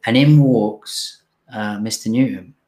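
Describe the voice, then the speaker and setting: A young adult man telling an emotional personal story in an earnest, halting way, with many restarts and fillers. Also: fairly low pitch, mellow. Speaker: speaker telling his recovery story.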